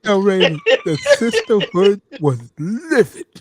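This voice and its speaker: A man's voice: high voice, huge pitch swings, unhurried, background noise. A middle-aged man telling stories casually, mimicking people and laughing often. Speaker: podcast host. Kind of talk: casual storytelling chat.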